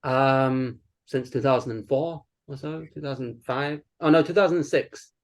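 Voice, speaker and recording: A man's voice: medium pitch, steady tone, a little slow. Kiwi guy who sounds british now, easygoing and jokey on a zoom call. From New Zealand. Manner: good-humoured, laughs easily. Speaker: devotee. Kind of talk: casual chat over video call. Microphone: video call.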